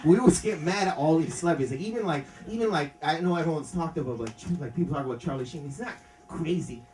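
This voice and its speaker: A man doing a stand-up comedy set in a comedy club, ranting and excitable, swinging from mumbles to shouts. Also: fairly high pitch, fast. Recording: distant mic in a loud laughing crowd. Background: audience laughter.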